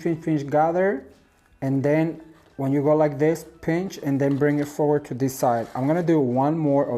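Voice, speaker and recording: A Mexican man with a slightly high, warm voice hosts a home decor craft tutorial from his craft table at home. He's chatty and gushing, addressing viewers as "you guys" and "honey" while he works.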